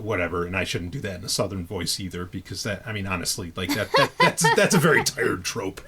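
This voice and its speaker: A man's voice: low-pitched, lively intonation, a little fast, hardly any pauses, pushed and bright, slight background noise. A man hosting a podcast in loose, casual chat, talking freely with frequent restarts and casual swearing. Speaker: podcast host.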